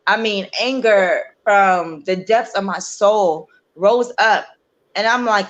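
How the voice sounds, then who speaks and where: A woman's voice: mid-range voice, a little slow, dull audio. A woman speaking as a guest in a conversation, telling a personal story in an earnest, emotional way. She uses many casual fillers and acts out what people said. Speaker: interview guest, bereaved mother.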